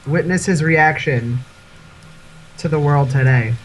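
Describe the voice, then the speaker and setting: A man's voice: on the high side, measured pace, crowd noise, rough recording. A young man as a podcast guest in casual chat, giving brief matter-of-fact answers.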